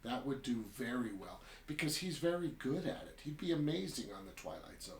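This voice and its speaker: A man's voice: medium pitch, very animated, a little fast. Chatty man with a roomy echo. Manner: chatty, rambling, keeps adding "right?". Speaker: podcast host. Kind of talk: casual story recap and review.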